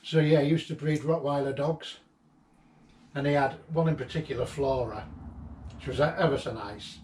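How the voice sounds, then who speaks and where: A vlogger inside an old house that's being cleared out shares rambling memories of a late friend, chuckling fondly as his stories wander. His voice is medium in pitch and a little mellow, with a steady tone and moderate pace. The distant mic picks up a roomy sound and faint background noise.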